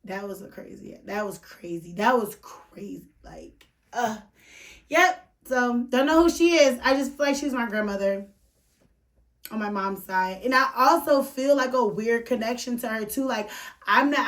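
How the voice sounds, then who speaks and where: A woman's voice: on the high side, moderate pace, distant mic. A woman hosting a podcast, telling a personal story in a candid, profane way full of filler words. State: emotional, near tears at moments. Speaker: podcast host. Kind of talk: casual storytelling.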